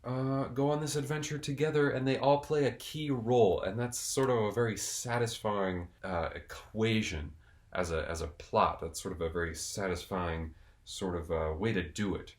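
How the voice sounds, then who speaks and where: A man's voice: lowish voice, steady tone, normal speed. Guy rambling through a jokey movie review, casual and goofy, lots of restarts. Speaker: video host and film reviewer.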